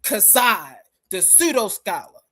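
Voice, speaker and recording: A woman's voice: medium pitch, sing-song, measured pace, bright, forceful tone. A woman hosting a live-stream commentary, talking in an emphatic, combative way and speaking straight to her listeners. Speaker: host.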